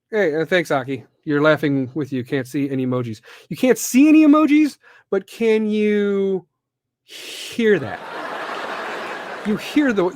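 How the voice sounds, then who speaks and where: A man's voice: fairly high pitch, no echo, studio quality. Blunt, profane man ranting on a live podcast. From Midwestern US. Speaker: podcast host.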